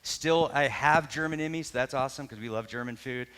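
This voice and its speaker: A man's voice: medium pitch, fairly quick, big-room sound. A middle-aged man, a pastor, telling a personal story in a sermon, talking in a loose conversational way, correcting himself and acting out what people said. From Canada. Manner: conversational, self-correcting, animated retelling with acted quotes.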